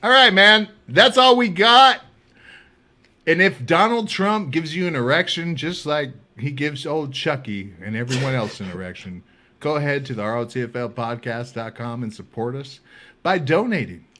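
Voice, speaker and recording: A man hosting a podcast, telling stories in a casual, animated way and laughing often. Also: medium pitch, normal speed. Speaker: podcast host. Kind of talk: casual storytelling.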